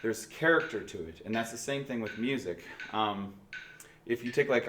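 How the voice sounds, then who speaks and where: A music teacher runs a remote band lesson, patiently going step by step and restarting as needed. He has a low-ish, slightly bright voice at a normal speed, captured in an echoey room with faint noise.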